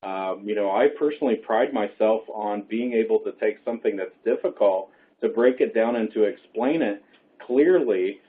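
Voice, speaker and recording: A man speaking as a professor in a webinar, reassuring and explaining step by step, with a hoarse voice that is going. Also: lowish voice. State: losing his voice. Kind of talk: webinar answer. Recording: phone-like line.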